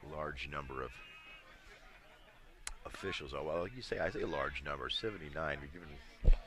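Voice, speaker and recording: A man giving relaxed, chatty live commentary on a lacrosse game at an outdoor stadium, with dry humor and frequent fillers. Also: rumbling low, moderate pace. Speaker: play-by-play commentator.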